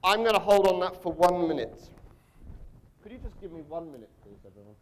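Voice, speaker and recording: A man from Europe delivers a guest lecture to a university audience, his voice sitting a little higher than most men's. He talks conversationally, breaking off to restart sentences and drop in asides. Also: expressive, a little fast, background noise.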